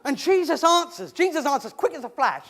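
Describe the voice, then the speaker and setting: A man's voice: extremely high pitch, very animated, fairly quick, fairly bright tone, full character voice. A man playing a cheerful once-lame man in a comic theatrical monologue, stammering and chuckling as he tells his tale. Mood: chatty, comic. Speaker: actor in a monologue.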